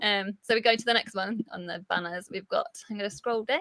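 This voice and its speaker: A woman's voice: mid-range voice, steady tone, fairly quick, sharp tone, no room sound, studio quality. A woman co-hosting a live book chat, talking casually with frequent laughs and restarts. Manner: chatty and giggly, full of restarts. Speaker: co-host of a book livestream.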